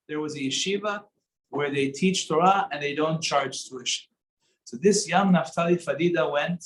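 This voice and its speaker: Rabbi giving a chatty sermon, echoey room. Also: male voice, a little high, slight background noise. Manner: conversational, animated storytelling with Hebrew terms. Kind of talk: sermon with storytelling. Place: synagogue.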